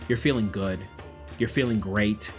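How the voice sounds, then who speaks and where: Rambling game master narrator. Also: male voice, lowish voice, a little slow, soft background music. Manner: descriptive, filler-heavy narration.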